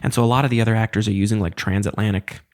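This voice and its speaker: A man's voice: lowish voice, steady tone, rapid-fire, a little mellow. A man around thirty hosting a casual solo podcast, rambling and self-deprecating in a loose, conversational way. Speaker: podcast host.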